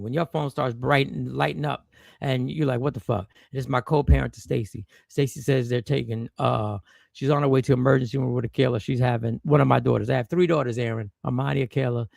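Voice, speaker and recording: A man's voice: mid-range voice, fairly even intonation, quick pace, vocal fry, darkish tone, no room sound, studio quality. A man, a stand-up comedian, telling a personal story to viewers in a loose, rambling way with slang and restarts. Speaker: stand-up comedian and stream host.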